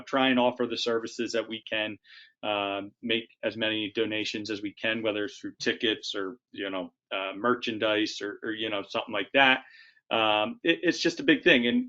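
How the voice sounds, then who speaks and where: A man's voice: on the low side, moderate pace, fairly bright tone. A man who leads a sports team, answering earnestly with frequent fillers. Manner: earnest, many "you know" and "um". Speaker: team president. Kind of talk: conversational answer. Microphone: video call. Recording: dull video-call audio.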